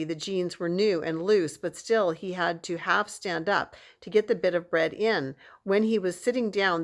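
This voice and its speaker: A woman reading a children's novel aloud in a steady, expressive storytelling manner. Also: on the low side. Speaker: audiobook reader.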